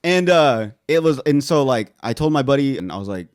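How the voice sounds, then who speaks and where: A man's voice: mid-range voice, expressive, brisk, smooth. A young man casually telling a rambling, profane story on a podcast, laughing as he goes. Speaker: podcast host.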